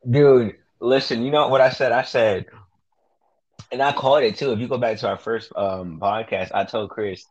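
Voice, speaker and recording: A young man co-hosting a casual podcast, talking excitedly and boasting, full of slang, about calling his predictions. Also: medium pitch, moderate pace, dry recording, dull audio. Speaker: podcast co-host.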